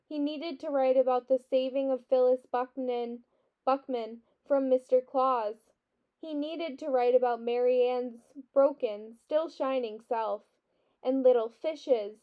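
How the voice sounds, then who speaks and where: A woman teacher reading a children's novel aloud with expressive storybook delivery, on a dull lo-fi recording. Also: sits high.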